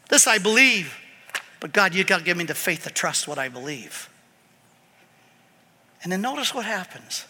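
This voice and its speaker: Male pastor, sermon, animated delivery, very high and sharp-toned voice, hall echo. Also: moderate pace, pauses often, husky. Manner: animated, swings from loud emphasis to quiet asides. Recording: long hall reverb.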